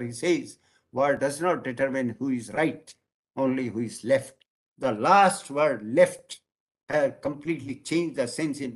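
Indian guy lecturing, bit high voice, leans hard on key words, keeps saying friends. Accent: Indian English. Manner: addresses audience as "friends", stresses key words slowly.

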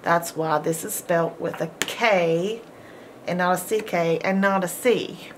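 A woman teaching a homeschool phonics lesson, sounding out words slowly and encouraging her students. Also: on the low side, noisy background. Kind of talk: phonics lesson, slow and deliberate.

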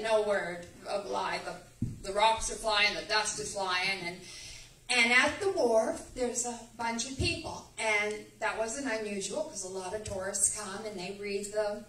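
A woman's voice: medium pitch, pushed and bright, slight background noise. A woman giving a rambling, emphatic testimony in church. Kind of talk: animated testimony storytelling. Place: church sanctuary. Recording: echoey church room, distant mic.

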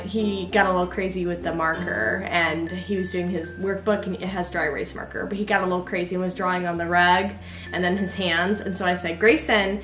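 Chatty young mom in echoey room. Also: female voice, fairly low pitch, fairly bright tone. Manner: chatty, fond, laughs often at her son's sayings. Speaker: mother and vlogger. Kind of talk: casual chat to camera. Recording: echoey room with faint music.

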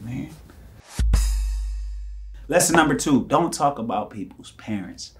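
A young man, telling lively stories to the camera and acting out voices and punches. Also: medium pitch, a little slow, pauses often, soft background music. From United States. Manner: animated, acts out quotes and punches with sound effects. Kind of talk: casual storytelling.

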